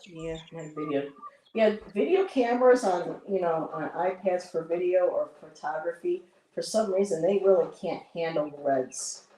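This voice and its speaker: A woman's voice: fairly low pitch, normal speed, dark tone, slight background noise. A woman in her fifties hosting a casual livestream while painting, chatting in long rambling anecdotes and laughing often. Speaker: livestream host. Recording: echoey room.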